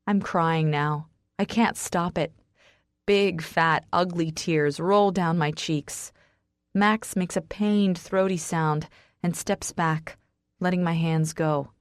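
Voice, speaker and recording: A woman narrating a first-person romance audiobook with emotional delivery that rises to shouts in the dialogue. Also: fairly low pitch, dry recording, clean studio sound.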